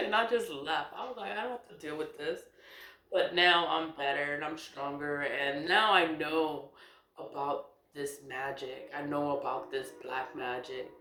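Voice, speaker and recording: A woman in her forties in a casual spoken monologue, emphatic and animated, laughing often and swearing. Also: deep voice, reverberant. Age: 40s. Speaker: spiritual content creator.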